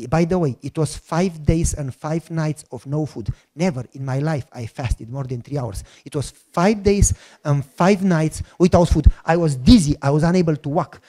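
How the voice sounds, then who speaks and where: Emotional preacher with a slightly high voice. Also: male voice, normal speed, dark tone. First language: not English. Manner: emotional, acts out quoted prayers. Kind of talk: sermon testimony storytelling.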